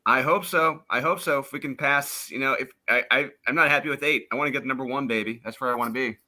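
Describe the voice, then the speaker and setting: Comic writer guy, super bright sharp voice, gets worked up and rants. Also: medium pitch, quick pace. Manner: excitable, exasperated rants. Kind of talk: casual panel chat.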